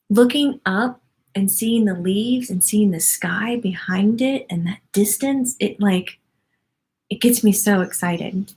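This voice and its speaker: A woman's voice: medium pitch, a little mellow. A woman in her forties hosting a live stream, reading viewer comments aloud and gushing over them with wonder and frequent laughter. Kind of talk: casual live-stream chat.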